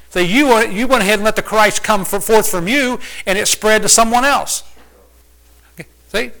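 A man's voice: high voice, pushed and bright, poor audio. A man preacher giving informal Bible teaching in a folksy, conversational way, often asking the listeners questions.

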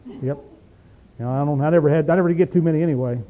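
Folksy man preaching on tinny tape. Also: fairly high pitch. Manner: folksy, emphatic, reads verses slowly then explains. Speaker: Bible teacher. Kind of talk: informal Bible study sermon.

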